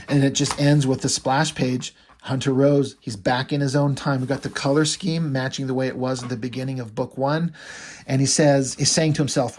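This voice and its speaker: A man's voice: medium pitch, fairly even intonation, normal speed. A man casually recapping a comic book, loose and rambling with many fillers. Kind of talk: casual comic review narration.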